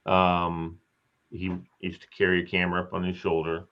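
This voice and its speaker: A man with a deep, monotone voice speaks at normal speed while hosting a casual live chat. He's a chatty, rambling storyteller who acts out quotes, heard through slightly dull lo-fi audio.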